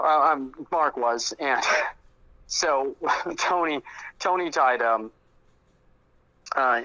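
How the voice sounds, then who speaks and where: A man, a close friend of the subject, telling anecdotes in a lively conversational way and acting out quoted lines. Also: medium pitch, no echo. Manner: animated, acts out quoted dialogue in raised voices. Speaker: guest, close friend recalling the deceased. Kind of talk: conversational storytelling. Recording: muffled lo-fi audio.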